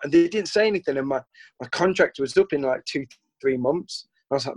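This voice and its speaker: On the high side for a man, this UK guest's voice is expressive, fairly quick, a little mellow and breathy, captured in a dry recording. He rambles through long anecdotes in a casual chat, often acting out what people said to him.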